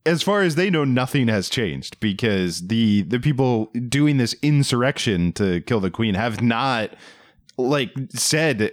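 A man's voice: medium pitch, measured pace, no echo, studio quality. A man co-hosting a podcast, chatting casually and wryly about a movie, with many restarts. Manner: animated, wry, restarts a lot. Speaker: podcast co-host. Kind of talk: casual movie review chat.

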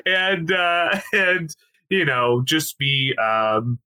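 A man's voice: a little high, animated, drawn-out words, sharp tone, clear, resonant tone. A man guest on a movie podcast who laughs a lot and rambles loosely in casual chat.

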